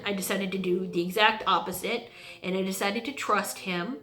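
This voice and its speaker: A woman vlogger sharing a personal faith testimony from her home basement, earnest and halting, with many pauses and restarts. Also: medium pitch, fairly even intonation, a bit bright. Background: washing machine running.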